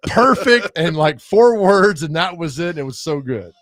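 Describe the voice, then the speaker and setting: A man with a slightly higher voice co-hosts a sports radio show in a casual, bantering way. He jokes constantly and keeps breaking into quick mock impressions of other people. His voice is close and dry, recorded on a studio microphone with no room sound. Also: animated, fairly bright tone, dry recording. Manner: joking, slips into quick mocking impressions.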